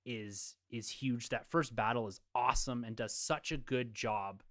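A man on a podcast panel, giving a measured, analytical review of a film in casual conversation. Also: medium pitch, a bit bright.

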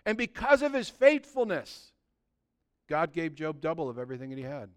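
A man preaching with a high voice that sounds smooth and resonant. He drives his points home with fervor, then sinks to a low, slow hush for weight, slipping now and then into the voices of the people he quotes. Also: very animated. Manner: impassioned preaching, swings from loud exhortation to hushed, drawn-out emphasis. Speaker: pastor. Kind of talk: sermon.

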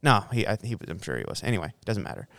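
Male podcast co-host, low resonant voice, loose profane storyteller. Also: rapid-fire, gravelly, no room sound. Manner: swearing, animated storyteller, laughs while talking. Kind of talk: casual storytelling chat.

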